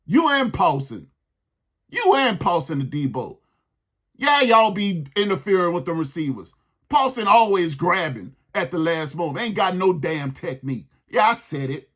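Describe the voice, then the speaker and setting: A man's voice: high voice, fairly bright tone, husky. A man hosting a sports podcast, ranting in a heated, exasperated way and repeating his points.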